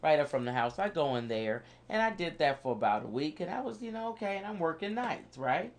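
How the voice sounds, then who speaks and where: A woman on a radio show telling a long personal story in a casual, animated way, often laughing as she talks. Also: low-pitched, a little fast.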